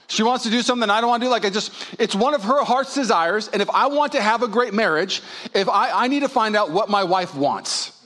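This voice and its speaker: A young man preaching a sermon as a pastor, animated and storytelling, acting out little scenes in character voices. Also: high-pitched, fast. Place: church auditorium.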